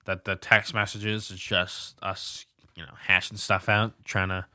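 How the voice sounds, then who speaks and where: A young man co-hosting a casual podcast chat, animated and exasperated, who swears freely and stutters. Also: sits low, a little slow, no room sound, studio quality. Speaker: podcast co-host.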